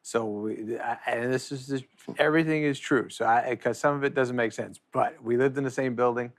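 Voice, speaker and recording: A man's voice: medium pitch, normal speed. A man casually telling a funny anecdote, laughing as he goes and acting out what people said. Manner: animated, laughs through the story, acts out quotes. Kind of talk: casual storytelling.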